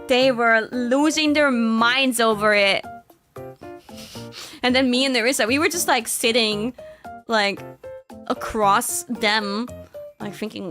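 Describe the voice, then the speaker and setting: A woman's voice: on the high side, a little slow, music in the background. A young woman chatting casually on her stream, rambling with fillers and frequent giggles. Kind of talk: casual chat.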